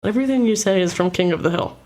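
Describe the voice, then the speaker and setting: A woman co-hosting a casual chat podcast, relaxed and a bit hesitant, laughing easily. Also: mid-range voice, racing. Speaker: podcast co-host.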